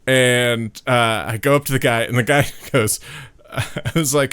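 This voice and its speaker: A man's voice: medium pitch, steady tone, normal speed, a bit bright, clean tone. A man co-hosting a casual live stream, telling stories in an easygoing way. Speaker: co-host of a live-streamed comedy show. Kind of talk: casual chat.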